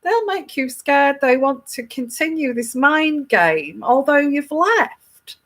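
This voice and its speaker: A woman's voice: sits high, big pitch swings, slow, a bit bright. A woman tarot reader giving casual advice to a viewer, emphatic, often repeating herself and restarting her sentences.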